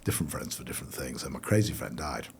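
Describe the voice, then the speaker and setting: A man's voice: extremely low pitch, expressive, quick pace, gravelly, slightly rough. A middle-aged man, a brand founder being interviewed, talking casually and rambling with lots of fillers and restarts. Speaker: guest.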